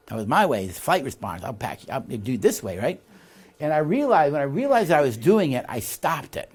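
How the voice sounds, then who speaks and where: A man's voice: medium pitch, brisk, husky. A man teaching a leadership course, explaining ideas, reading passages from the text and checking in with his listeners. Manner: animated, asks the audience for agreement with "all right?" and "see?". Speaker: leadership instructor. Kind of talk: recorded teaching lecture.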